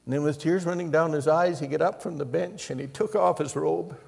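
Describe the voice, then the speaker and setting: An older man preaching a sermon, telling stories and moving between loud emphasis and hushed, quiet passages. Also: a little high, fairly quick, creaky, husky, big-room sound. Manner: storytelling, swings from loud emphasis to hushed near-whispers. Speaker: pastor.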